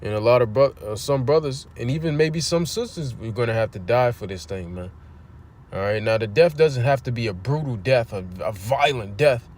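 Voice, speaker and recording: A man's voice: medium pitch, animated, moderate pace, a little mellow. Fervent, blunt man preaching on a livestream. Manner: fervent and blunt, swears, reads scripture aloud; asks listeners rhetorical questions. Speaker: preacher streaming a scripture teaching. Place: near a street.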